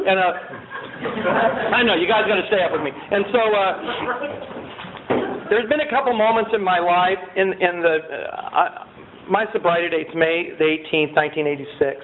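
A middle-aged man giving a rambling personal testimony to a group, full of fillers and acted-out quotes. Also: on the high side. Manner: rambling, many fillers, acts out quotes in a raised voice. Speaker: speaker sharing his recovery story. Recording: tinny phone-like sound with faint noise.

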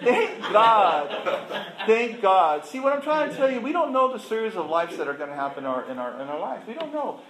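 This middle-aged man has a high, sing-song, slightly bright voice and speaks fast, barely pausing. Recorded in an echoey room, his personal recovery testimony is delivered with emphatic storytelling and rhetorical questions aimed at listeners.

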